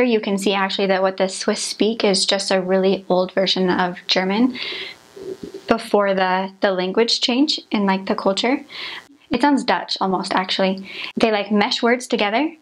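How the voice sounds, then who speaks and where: A woman's voice: medium pitch, steady tone, normal speed, poor audio. A young adult woman, a former missionary, explaining in a chatty, rambling way with many filler words. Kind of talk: casual conversational explanation.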